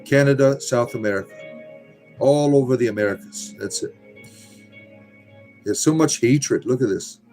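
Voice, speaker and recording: A man's voice: medium pitch, normal speed, long pauses, darkish tone, soft background music. Blunt, sarcastic man reading chat. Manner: blunt and sarcastic, curses freely. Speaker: livestream host reading chat. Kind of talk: casual livestream chat.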